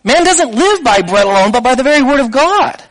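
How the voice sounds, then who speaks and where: A man's voice: very high-pitched, big pitch swings, a little fast, fairly bright tone, no room sound, low-quality recording. A man preaching a sermon in a conversational way, putting rhetorical questions to his listeners.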